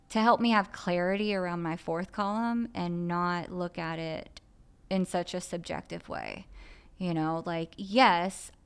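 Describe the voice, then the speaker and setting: A woman's voice: lowish voice, clean tone. A woman speaking candidly and earnestly on a podcast about her own recovery, with frequent filler phrases. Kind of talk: candid personal podcast talk.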